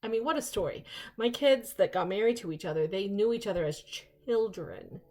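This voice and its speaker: An older woman hosting a casual unboxing vlog, chatty and excitable, rambling into asides. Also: medium pitch, brisk. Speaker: vlog host.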